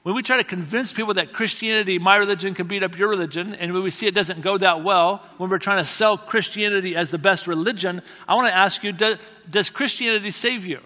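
A man's voice: high voice, fast talker, hardly any pauses, bright, forceful tone. A man preaching a sermon to a live audience, telling a story in a conversational way with self-deprecating humor and repeated key phrases. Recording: long reverb of a large hall.

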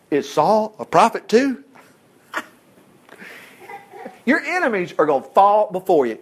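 A male pastor, preaching a sermon and retelling a Bible story in a lively, conversational way. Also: fairly high pitch. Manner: animated storytelling preacher, jumps between whispers and loud exclamations.

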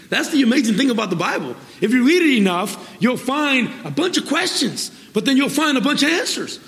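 Exuberant high-voiced male preacher, gravelly. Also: big pitch swings, fairly bright tone. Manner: exuberant, laughs and exclaims praise often; reads scripture slowly and deliberately. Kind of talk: sermon. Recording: long hall reverb.

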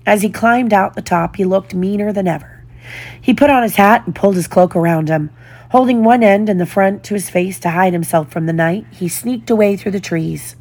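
A woman reading a children's storybook aloud in a slow, deliberate storytelling manner. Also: mid-range voice, a little mellow. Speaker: storybook reader.

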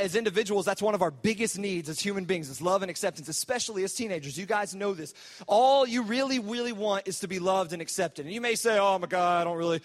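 A man preaching to teenagers as a youth pastor, animated and conversational. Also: high-pitched, big-room sound. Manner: animated, conversational preaching with mock-whiny asides. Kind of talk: sermon to teenagers.

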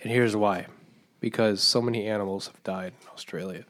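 A man on a comedy podcast, joking in an animated way and stammering over his restarts. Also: lowish voice, brisk. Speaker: podcast co-host. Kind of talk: casual comedic banter.

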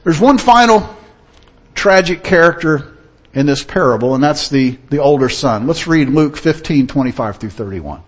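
A man's voice: a little high, lively intonation, normal speed, husky. A man preaching a sermon in an earnest, storytelling manner. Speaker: pastor.

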